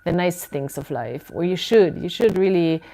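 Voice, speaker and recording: A woman giving a casual tarot reading from indoors at home, musing and unhurried, with frequent ums and soft laughs. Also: lowish voice, expressive, creaky, rough recording. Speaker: tarot reader.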